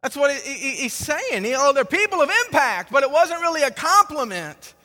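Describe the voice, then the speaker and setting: A man's voice: very high-pitched, very animated, moderate pace, bright, forceful tone, in a large hall. A male pastor preaching a sermon in a loose, conversational way, repeating words as he restarts and acting out the people in his story. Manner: acts out quoted speakers in dialogue.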